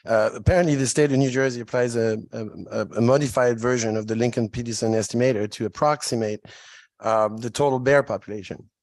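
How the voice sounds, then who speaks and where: French-accented guy at a hearing, dry close sound, halting questions. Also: medium pitch, fairly even intonation, a little mellow, no room sound. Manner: hesitant, apologetic. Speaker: state representative.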